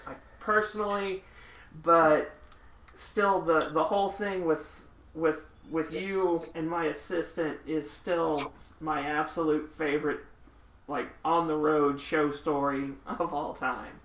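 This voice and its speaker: A man hosting a podcast, telling road stories in a lively way and acting out the people in them. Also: fairly high pitch, takes it slowly, slight background noise. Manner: animated, laughing raconteur who acts out the people in his stories. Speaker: podcast host. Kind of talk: casual storytelling chat. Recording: echoey room.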